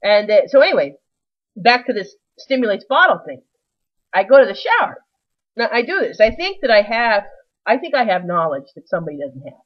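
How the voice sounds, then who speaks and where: A woman's voice: mid-range voice, sing-song, a little fast, lo-fi sound. A woman telling a rambling, self-mocking comic story with many restarts.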